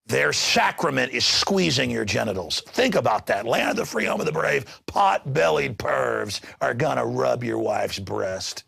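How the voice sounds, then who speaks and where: Gravelly, impassioned male show host. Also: mid-range voice, expressive, unhurried, hardly any pauses, no room sound. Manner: ranting, impassioned, bursts into shouting. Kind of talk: heated news commentary monologue.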